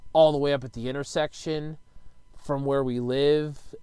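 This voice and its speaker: A man casually rambling in a home video, swearing freely and now and then bursting out loud, speaking close to a desk microphone in his bedroom. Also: fairly high pitch, fairly even intonation, normal speed, clean tone, no room sound. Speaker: YouTuber answering viewer questions.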